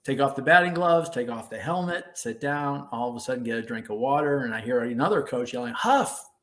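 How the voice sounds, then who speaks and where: A man's voice: medium pitch, quick pace. A man in his fifties, a former ballplayer, telling a story as a podcast guest and acting out quotes with a raised voice. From United States. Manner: animated storyteller who acts out quotes in a raised voice. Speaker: former baseball player, guest.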